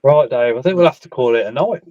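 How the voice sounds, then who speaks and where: A man's voice: mid-range voice, expressive, fast, no echo, narrow, tinny audio. A middle-aged man, chatting casually on a live stream and telling stories full of swearing and laughter. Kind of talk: casual chat.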